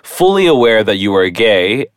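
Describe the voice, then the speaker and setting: A man hosting a podcast, asking quick teasing questions in casual chat. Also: lowish voice, very animated, no echo, clean studio sound. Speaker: podcast host.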